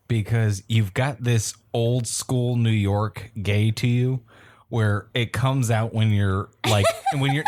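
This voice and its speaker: A man co-hosting a podcast, teasing a friend and laughing through casual banter. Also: mid-range voice. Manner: teasing, laughing while talking. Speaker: podcast co-host.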